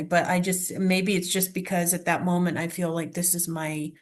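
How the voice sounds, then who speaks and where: A woman hosts a casual interview in a fairly low voice. She speaks earnestly and with open gratitude. She often adds soft murmured affirmations while the other person talks. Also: completely flat delivery, normal speed. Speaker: interview host. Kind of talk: casual conversation.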